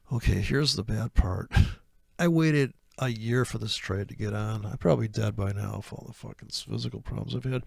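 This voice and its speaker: A man's voice: on the low side, moderate pace, gravelly, darkish tone, no room sound, clean studio sound. A man walking through trading charts in a sarcastic, profane teaching style. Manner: sarcastic, swears freely, mock-dialogue. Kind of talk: profane, sardonic chart walkthrough.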